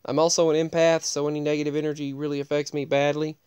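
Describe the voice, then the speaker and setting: Rambling man telling a story, crisp close voice. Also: a little high, level tone, quick pace, darkish tone, dry recording. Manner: rambling, digressive, frequent restarts. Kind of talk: casual personal storytelling.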